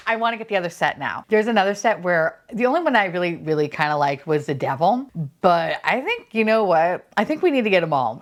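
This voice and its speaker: A young woman chats through a toy unboxing with a very lively, bouncing pitch. She gushes and coos at each little toy, then drops into low, dry asides peppered with playful swearing. Her talk stays casual and chatty throughout. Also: moderate pace. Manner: swings between high squeals and low asides. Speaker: unboxing vlogger.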